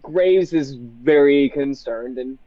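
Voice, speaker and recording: A man at a tabletop game, thinking aloud in halting restarts as he works through his turn. His tone is dark and mellow, and the dry recording sounds dull and lo-fi. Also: medium pitch, no room sound. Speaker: player. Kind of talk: casual tabletop game chat.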